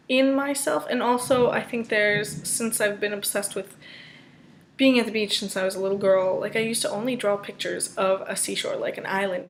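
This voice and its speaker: A woman's voice: medium pitch, a bit bright, rough recording. A young woman chatting casually at home in a meandering, self-deprecating way, like a vlogger talking to her camera. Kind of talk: casual rambling monologue. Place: at home indoors, during a rainstorm. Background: faint rain and ambient noise.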